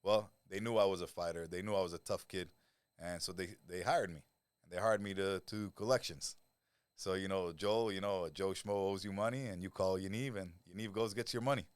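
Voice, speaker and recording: A man with a very low voice tells his past in a rough, profane street manner, picked up close by a studio mic in a dry room with no echo. He is a guest on a podcast and sounds to be in his forties. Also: steady tone, a little fast. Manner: blunt, profane street talk. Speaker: interview guest. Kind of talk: storytelling interview.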